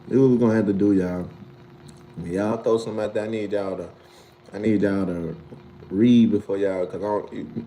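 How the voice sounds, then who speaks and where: Reading viewer comments on his casual live stream, this man talks in relaxed slang and laughs often, his pitch leaping high and incredulous whenever he teases someone. His intonation stays fairly even overall, at a normal speed and with a warm tone, over slight background noise.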